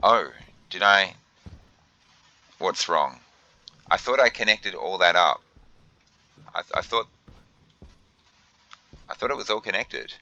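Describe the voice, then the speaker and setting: A man's voice: sits low, lively intonation, slow, pauses often, bright, forceful tone, no echo, highs cut off. A young man thinking aloud while he plays a game, often flustered, with many fillers and restarts. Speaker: gaming video host. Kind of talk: let's play commentary.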